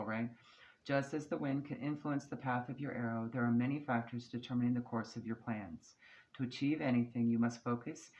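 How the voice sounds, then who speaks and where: This tarot card reader has a mid-range voice, heard through lo-fi sound. She gives a relaxed, chatty channeled reading, reassuring the listener, laughing at times, and frequently asking "okay?" or "right?".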